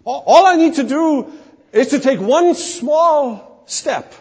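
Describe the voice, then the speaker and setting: A man's voice: very high voice, animated, slow, a little mellow, voice pushed up, heavily acted. A man voicing a self-assured religious man who insists, breezy and confident, that salvation is easy. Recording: long hall reverb.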